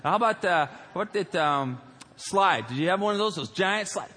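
A pastor preaching a humorous, story-driven sermon in a large auditorium, animated and jokey, with many fillers and asides. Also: male voice, high-pitched, moderate pace. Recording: long auditorium reverb.

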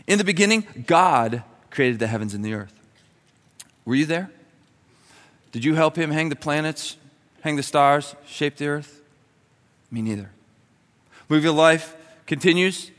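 A young adult man, a pastor, preaching a sermon and telling a story with lively acted-out dialogue. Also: fairly high pitch. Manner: animated, acts out dialogue in his story. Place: church sanctuary. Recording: long hall reverb.

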